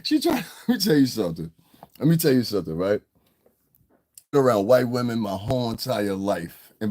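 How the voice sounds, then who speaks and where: A man's voice: medium pitch, darkish tone. A man in a casual livestream rant, talking in a blunt, heated, profane way as the show's commentator.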